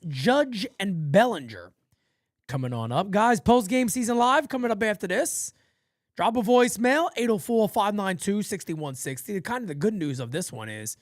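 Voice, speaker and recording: Man, fan play-by-play host, rambling, swears, lively pitch, dry sound. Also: no room sound. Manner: rambling, swearing, easygoing banter between pitches. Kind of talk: casual live play-by-play with chat.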